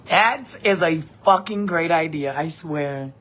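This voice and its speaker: A woman, telling a story in a blunt, profane, animated vlog rant. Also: lowish voice, takes it slowly, long pauses. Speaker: vlogger.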